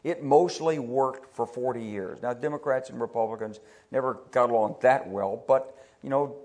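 A man's voice: mid-range voice, moderate pace. An older American man speaks at a public talk in a mid-range voice. He sounds conversational and tells anecdotes. He often stumbles and restarts on repeated words as he goes. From United States. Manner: conversational, repeats words when restarting, quotes people in lively put-on voices. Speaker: retired army general giving a talk.

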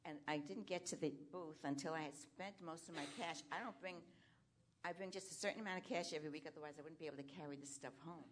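A woman's voice: deep voice, fast. A woman from the audience telling a chatty anecdote. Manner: chatty storyteller. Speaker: audience member.

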